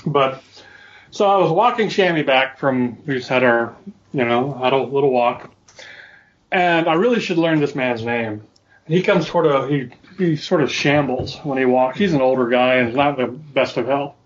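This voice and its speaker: A man's voice: mid-range voice, moderate pace. A man telling a story to his co-hosts in casual chat, with dry, wry humor. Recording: dull lo-fi audio.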